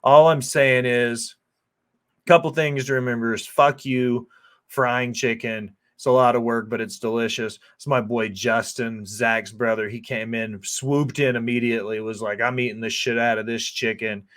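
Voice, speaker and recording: A man's voice: medium pitch, fairly even intonation, unhurried, a bit bright. A man who is a chef, talking through a cooking video in a loose, rambling way, swearing freely and filling gaps with "like" and "um". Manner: profane, loose and rambling with lots of fillers. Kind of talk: casual cooking voice-over.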